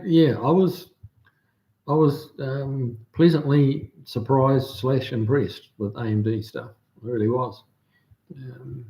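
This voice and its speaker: A livestream host with a New Zealand accent speaks in a mid-range, darkish voice. He's easygoing, chatting and reading comments from viewers, often hesitating with ums and restarting sentences. A roomy echo fills the recording.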